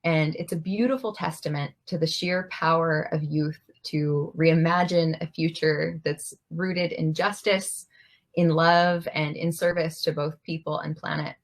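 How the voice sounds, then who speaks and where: Low-voiced young woman presenting graciously. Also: fairly even intonation, unhurried. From United States. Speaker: youth climate activist, presenter. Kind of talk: formal introduction at an online event.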